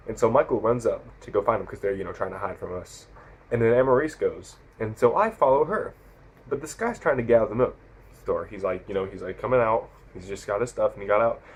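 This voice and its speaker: A man's voice: lowish voice, fast, breathy edge, poor audio. A sixteen-year-old boy vlogger rambling through stories into his camera mic, often correcting himself. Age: teens. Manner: rambling, self-correcting, animated retelling. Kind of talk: casual storytelling to camera.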